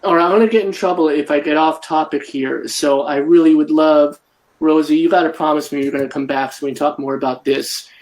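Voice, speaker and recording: A man hosting an interview, prompting his guests in a friendly, unhurried way. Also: fairly high pitch, fairly even intonation, a little mellow, poor audio. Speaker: host. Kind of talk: moderating an interview.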